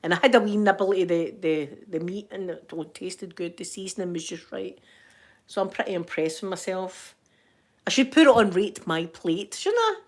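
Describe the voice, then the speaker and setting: A woman's voice: lowish voice, animated, moderate pace. Older woman, Scottish accent, casual home vlog, rambling, laughs a lot, fond asides to viewers. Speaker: vlogger. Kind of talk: casual chat to camera.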